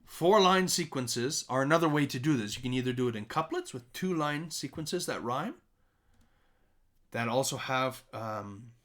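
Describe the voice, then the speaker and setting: A man's voice: mid-range voice, lively intonation, moderate pace, fairly bright tone. A man teaching a recorded music lesson, chanting nursery rhymes as examples and checking in with "okay?" and "right?".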